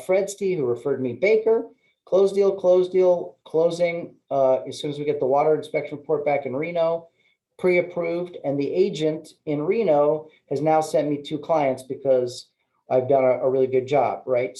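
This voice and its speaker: A middle-aged man hosting a webinar, telling stories and acting out phone calls with sudden high-pitched bursts. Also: dark tone, low-quality recording. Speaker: webinar host, loan officer. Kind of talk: animated webinar talk.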